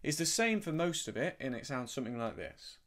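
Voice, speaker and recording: A middle-aged man teaching a harmonica lesson in a relaxed, gentle, explanatory way, sometimes humming syllables to show a sound. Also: mid-range voice, brisk. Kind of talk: relaxed spoken music lesson.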